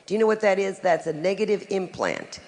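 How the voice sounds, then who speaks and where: A woman's voice: medium pitch, sing-song, brisk, a little mellow. A middle-aged woman, a psychic, giving a live talk to a group with frank, wry, humorous storytelling.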